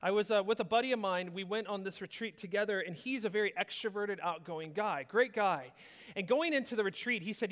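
High-voiced American man preaching in a hall. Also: fairly quick, a bit bright. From United States. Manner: casual storytelling, conversational. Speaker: pastor. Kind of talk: sermon. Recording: long reverb of a large hall.

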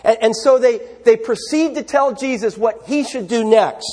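A man's voice: extremely high pitch, normal speed, a little mellow, in a large hall. A man preaching a sermon, talking in a conversational way and putting questions to his congregation. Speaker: pastor.

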